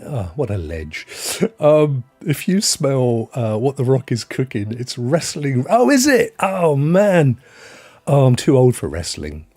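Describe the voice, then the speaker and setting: A man's voice: medium pitch, sing-song, unhurried, warm tone, slightly rough, soft background music. A middle-aged British man hosting a live game stream, chatting casually with viewers, joking and laughing often. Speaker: livestream host. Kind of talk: casual chat reading viewer comments.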